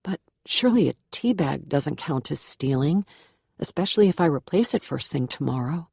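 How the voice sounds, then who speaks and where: Low-voiced woman narrating a thriller. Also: expressive, moderate pace, creaky, a little mellow, slightly rough, no echo, studio quality. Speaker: audiobook narrator. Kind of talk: first-person thriller narration.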